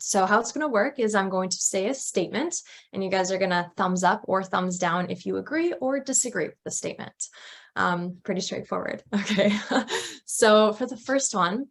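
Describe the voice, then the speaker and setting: A woman moderating a panel discussion, friendly and quick to laugh. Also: mid-range voice, gravelly.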